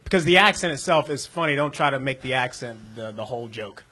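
A man's voice: medium pitch, lively intonation, fast talker, pushed and bright. A man on a comedy show panel, giving direct advice on a comic's joke. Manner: direct, advising. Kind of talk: comedic critique.

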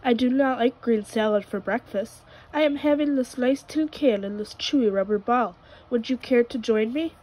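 A woman's voice: fairly high pitch, normal speed, hardly any pauses, a little mellow, natural voice, rough recording. Woman doing a polite, easygoing goat. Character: polite, easygoing male goat who eats everything.

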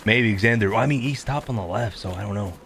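A man's voice: on the low side, fast, a bit bright, slight background noise. A man chatting casually with a friend while gaming, laid-back and swearing freely. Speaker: gamer.

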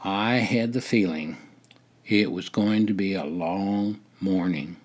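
An older man reading his own memoir aloud in a measured, deliberate storytelling manner. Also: deep voice, slightly rough. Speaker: memoir narrator.

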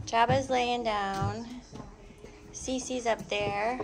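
A woman's voice: fairly high pitch, lively intonation, unhurried, long pauses. A young woman with a cold chatting in sing-song baby talk to puppies in an indoor pen. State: has a cold. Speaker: dog breeder. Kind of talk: casual vlog, chatting to puppies. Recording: noisy background.

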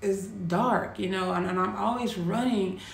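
Gravelly woman telling a painful story. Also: medium pitch. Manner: slow, heavy pauses, quietly intense. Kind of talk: personal storytelling monologue. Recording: echoey room with faint ambient noise.

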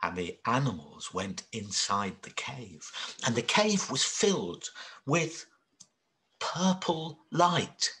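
Dramatic guy telling a kids story, slow, bright crisp voice, lots of whispers. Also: mid-range voice. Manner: expressive, dramatic, shifts between whispers and cries. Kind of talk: children's story reading.

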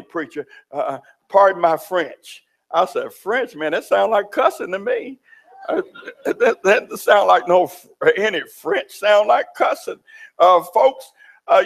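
A man preaching in a church, folksy and animated. His voice is gravelly and sits a little high. It is a live sermon, now and then heard from a bit farther off. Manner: folksy, animated preaching with Southern turns of phrase.

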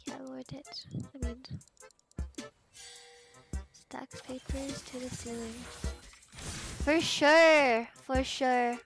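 Gamer woman with a high voice, swearing and venting as she plays, with game music clear behind her. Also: little pitch movement, slow, pauses often. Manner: profane, exasperated running reactions. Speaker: streamer. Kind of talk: casual gameplay commentary.

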